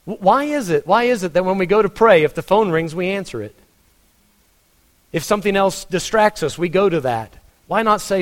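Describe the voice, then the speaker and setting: A man's voice: sits high, expressive, a little fast, big-room sound. A man with a Texan accent preaching a sermon as a pastor, conversational, with frequent restarts and rhetorical questions. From Texas.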